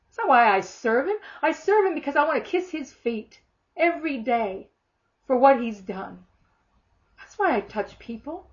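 Woman preacher, emphatic and heartfelt, slightly high voice, muffled lo-fi sound. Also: animated, moderate pace. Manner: fervent, emphatic, voices imagined prayers. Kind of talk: sermon. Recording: dull lo-fi sound.

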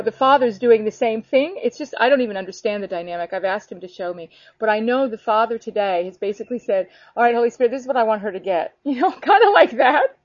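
A woman talking casually about her faith, earnest and animated, filling her talk with "you know.". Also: on the high side, dry recording. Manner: animated, earnest, many fillers. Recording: dull lo-fi sound.

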